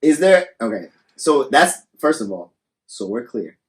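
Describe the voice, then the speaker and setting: A man's voice: medium pitch, big pitch swings, a little slow. Blunt, profane man hosting a podcast. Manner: blunt and profane, acts out hypothetical arguments. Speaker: podcast co-host. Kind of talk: casual podcast chat. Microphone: studio podcast mic.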